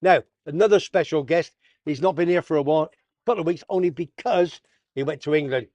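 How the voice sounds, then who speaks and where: A man's voice: on the high side, fairly quick, a little mellow, no echo. Bloke doing his sports vlog, jokey slangy banter, dry lo-fi sound. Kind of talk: casual sports roundup chat. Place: south of Tenerife.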